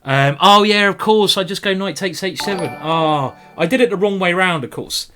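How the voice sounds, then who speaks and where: Chess streamer: man, fairly high voice, excitable and playful, jokes with his opponent while he plays fast games. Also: soft background music. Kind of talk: live commentary while playing blitz chess.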